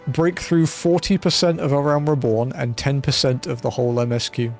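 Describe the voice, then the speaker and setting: A man's voice: a little high, fairly even intonation, normal speed, hardly any pauses. A young man streaming a game, commenting casually in a joking, slangy way. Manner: joking, laid-back, slangy. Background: faint game music.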